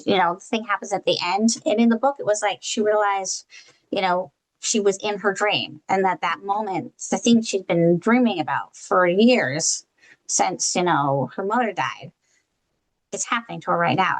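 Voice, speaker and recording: A woman's voice: medium pitch, moderate pace, poor audio. A woman co-hosting a podcast, giving her views on a film in a conversational way, hedging with fillers. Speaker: podcast co-host. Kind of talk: casual book-and-film review chat.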